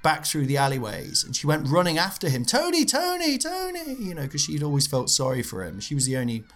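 A man telling a comic story in a meandering, deadpan way, stopping to add details he forgot. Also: mid-range voice, quick pace. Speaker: comedian guest.

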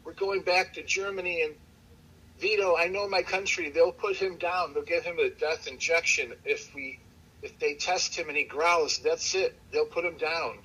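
A man voicing a worried woman who pleads for help with her dog, raising his voice high and sounding upset. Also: normal speed, sharp tone, breathy edge, rough recording. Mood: pleading.

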